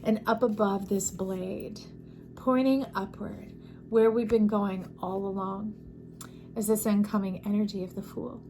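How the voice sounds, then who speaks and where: A woman giving an intuitive tarot reading, playful and affectionate, who swings between sing-song enthusiasm and soft, hushed tones. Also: medium pitch, steady tone, a little slow, a little hiss or hum. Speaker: tarot reader.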